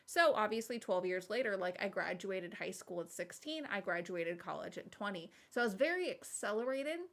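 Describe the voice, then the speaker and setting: A woman in her thirties talks casually to her stream viewers, spinning loose, animated stories packed with fillers. Her voice is bright and clear, sitting at an ordinary pitch for a woman. She jumps between tangents with an easy, chatty energy. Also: normal speed. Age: 30s. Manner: rambling, animated storytelling with frequent laughs and fillers. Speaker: streamer and podcast host.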